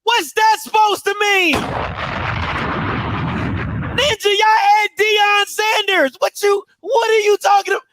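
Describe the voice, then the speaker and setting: Host, male, very high voice, loud incredulous live reaction commentary. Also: little pitch movement, takes it slowly, long pauses, no room sound. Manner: loud, laughing, incredulous ranting. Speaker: show host reacting to a clip.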